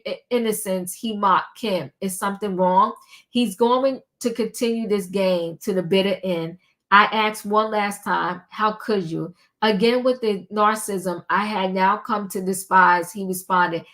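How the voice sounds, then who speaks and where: A woman's voice: medium pitch, a bit bright. An older woman talks through a long text in a casual vlog, reading it aloud and stopping often to say um or start a line over. Her voice sits in the middle range for a woman. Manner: halting, with many ums and restarts. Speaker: commentary vlogger.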